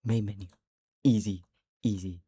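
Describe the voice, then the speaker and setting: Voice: sits low, steady tone, unhurried, dark tone, husky, no room sound. A game streamer, chatting casually through a livestream, giggling often and muttering to themselves. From Canada. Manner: giggly, talks to themselves, lots of laughter.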